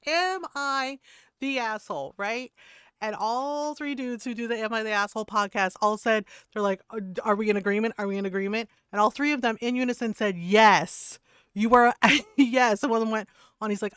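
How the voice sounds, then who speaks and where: A woman streamer chatting casually and retelling a story with lots of swearing, laughter and quick asides. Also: medium pitch, clean tone, dry recording, studio quality. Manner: animated retelling, profane, laughs often. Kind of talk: casual chat.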